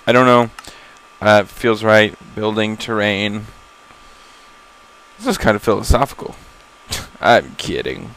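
Rambling young man, low voice, startled gamer. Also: fairly bright tone, clear, resonant tone, poor audio. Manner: rambling, self-deprecating, easily startled, swears in surprise. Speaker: gamer recording a first-time playthrough. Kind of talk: casual gameplay commentary. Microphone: laptop setup.

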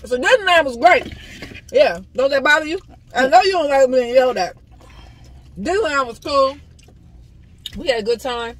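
A woman vlogger chatting casually to viewers during a mukbang eating video, telling stories in a relaxed, chatty way from inside a car. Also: high-pitched, moderate pace, long pauses, low-quality recording.

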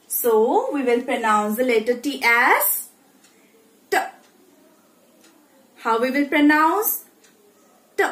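A woman teacher giving a slow phonics lesson to young children, often checking in with "okay?" as she goes. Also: on the high side. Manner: slow, sing-song, repeats and checks with "okay?". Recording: very echoey room.

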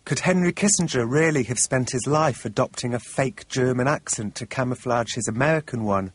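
A man narrating a documentary in the first person, in a wry, measured way. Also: mid-range voice, breathy edge, dry recording.

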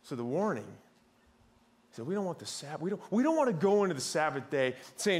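A man's voice: on the high side, big pitch swings, a little fast, a little mellow. A man in his thirties preaching a sermon in a conversational way, often repeating words as he goes. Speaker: pastor. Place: church.

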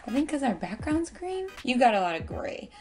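A woman's voice: high-pitched, sing-song, moderate pace, faint music behind. A woman doing a casual makeup tutorial. She talks in a playful, silly way to her pet bird and makes self-mocking asides. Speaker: beauty vlogger.

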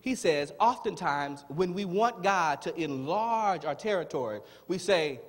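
A man preaching a sermon as pastor, rising from plain talk into shouted, pleading prayer with drawn-out words. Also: fairly high pitch, expressive. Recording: long hall reverb.

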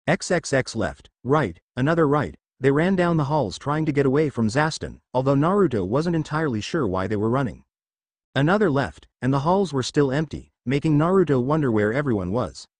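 Male narrator, storybook reading, lively pitch, dry close sound. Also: no echo. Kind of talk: storybook reading of fan fiction.

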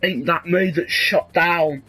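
A young man talks through a video game in a dry, deadpan way. His voice sits slightly high for a man, and he yelps now and then before dropping back into sarcasm. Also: slow pace, slightly rough, poor audio. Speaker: gaming video host. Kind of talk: casual gameplay commentary.

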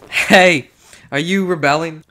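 A man with a somewhat high voice banters while he plays a video game. He's playful and teasing, slipping into mock-grand lines now and then. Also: slow, bright, forceful tone, a little hiss or hum. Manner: playful, jokey, mock-regal bits. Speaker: gamer. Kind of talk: casual gaming chat.

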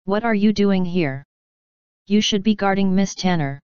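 A woman's voice: mid-range voice, a little slow, a little mellow, clear, resonant tone, dry recording, muffled recording, lightly acted. A woman voicing a stern female pony who is head of security, speaking firmly and giving orders. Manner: firm, commanding.

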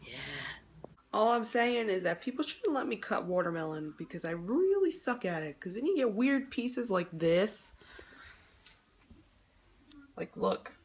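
A woman's voice: mid-range voice, very animated, measured pace, long pauses, husky. A young woman vlogging casually about her day, talking in a chatty way with lots of filler words. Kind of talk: casual vlog chat.

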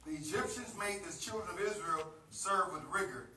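An American man preaching a sermon as pastor, calling on a reader and building up to shouting. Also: high-pitched, fairly quick, a little hiss or hum. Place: church sanctuary. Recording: roomy live church recording from a distance.

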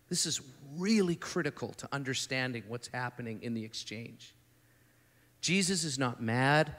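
A man preaching a sermon at a conference, talking in a conversational way with many restarts and acting out the people in the story. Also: fairly high pitch. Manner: animated, acts out the speakers in the story. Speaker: conference speaker. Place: conference hall. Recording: long hall reverb.

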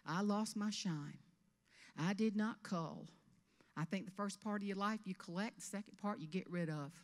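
A woman in her fifties from South Carolina with a Southern US accent, giving a humorous keynote speech on stage with animated storytelling. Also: mid-range voice, moderate pace, big-room sound. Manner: animated storytelling with character voices. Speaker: motivational speaker. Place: event stage before an audience.

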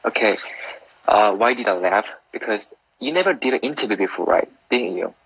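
A man's voice: lowish voice, animated, normal speed, gravelly, fairly bright tone, slightly rough, no echo. A man, arguing defensively in broken English and repeating himself on a live stream. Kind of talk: heated live-stream argument. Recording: dull, lo-fi live-stream audio.

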